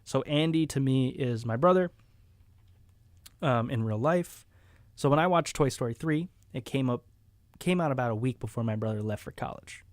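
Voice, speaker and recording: A young man co-hosting a podcast in casual chat, telling personal stories in an animated way. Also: mid-range voice, moderate pace, dry recording, studio quality. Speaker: podcast co-host.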